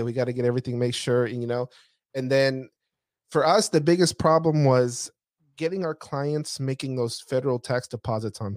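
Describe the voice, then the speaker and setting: A man's voice: mid-range voice, darkish tone, no room sound. Man, accountant, casual storytelling, repeats for emphasis, dry close recording. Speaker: accounting firm owner. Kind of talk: casual business conversation.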